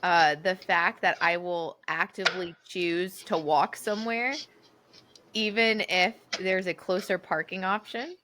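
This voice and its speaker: A woman's voice: fairly low pitch, fairly even intonation, a little slow, pushed and bright, slight background noise. A young adult woman from the United States co-hosting a podcast, telling a long story in casual chat with many fillers. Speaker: podcast co-host.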